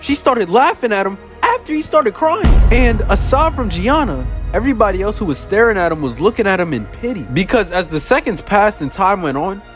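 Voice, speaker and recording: A young adult man narrating a funny childhood story in a casual, slangy, animated storytime style. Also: fairly quick, few pauses, faint music behind. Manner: casual, animated, slangy delivery with big pitch swings. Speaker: storyteller, channel host.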